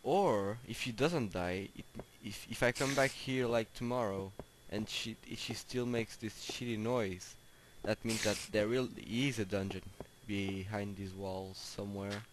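A man's voice: fairly low pitch, measured pace, hardly any pauses. A man casually commenting on his own gameplay, chatty and easily exasperated, coaxing the animals he meets. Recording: home recording with clear background noise and clicks.

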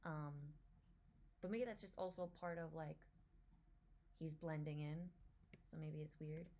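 A woman giving a casual trailer reaction, gushing with excitement and often dropping to a soft whisper. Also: deep voice, a little slow. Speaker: reaction video creator.

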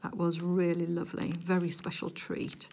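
A middle-aged woman from England chatting casually to viewers while she crafts, giggly and easily excited. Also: lowish voice, normal speed, creaky, slight background noise. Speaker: crafting vlogger.

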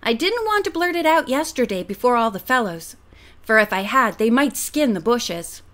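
A woman voicing a quiet, friendly young boy sharing a secret in a children's storybook reading. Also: a little high, big pitch swings, normal speed. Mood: secretive.

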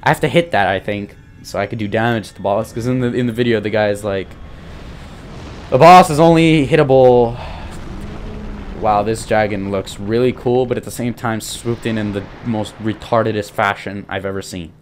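A young man giving profane, frustrated commentary while playing a video game, muttering and then yelling. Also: fairly low pitch, fairly even intonation, brisk, hardly any pauses, slight background noise. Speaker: gaming YouTuber. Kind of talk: profane live gameplay commentary.

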